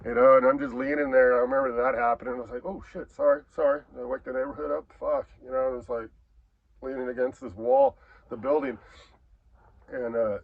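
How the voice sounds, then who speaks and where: A man's voice: mid-range voice, lively intonation, brisk, gravelly, dry recording. A middle-aged man telling a profane, rambling story in a casual way, adding sound effects. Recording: dull lo-fi recording.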